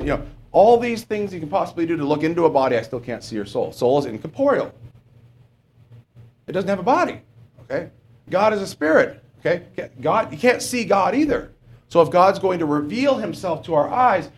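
Male preacher, sermon, conversational, questions to the congregation, frequent "okay?", lively pitch. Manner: often adds "okay?".

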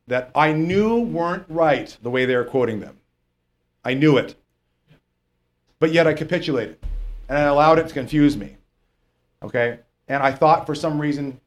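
A man preaching a casual, conversational sermon to a congregation, often checking in with "okay?" and "right?". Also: mid-range voice. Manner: conversational, keeps asking "okay?".

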